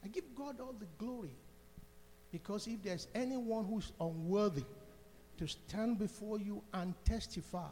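A man's voice: sits high, unhurried, a little mellow, big-room sound, a little hiss or hum. An older man with an African accent giving a fervent testimony to a church congregation. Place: church sanctuary.

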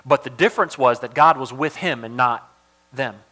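A man preaching a sermon, animated, swinging between loud emphatic bursts and hushed asides. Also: medium pitch, normal speed. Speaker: pastor.

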